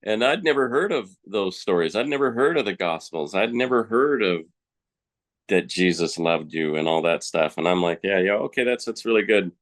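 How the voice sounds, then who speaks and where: As a podcast guest, a man with a very low, deep voice tells his personal story in plain, colloquial terms, frank and unpolished like talk across a table. His intonation is lively, his speed normal and his tone fairly bright.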